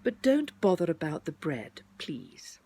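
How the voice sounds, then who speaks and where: A woman voicing a slow, honey-loving toy bear in a storybook reading, talking in a ponderous, slightly greedy way. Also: on the low side, big pitch swings, dark tone, slightly rough, full character voice. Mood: puzzled.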